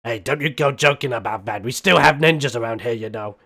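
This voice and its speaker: A man's voice: mid-range voice, a little fast, creaky. Man doing a cranky old rabbit grandma. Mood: grumbling. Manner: scolding, shouting. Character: loud, cranky elderly female rabbit grandmother.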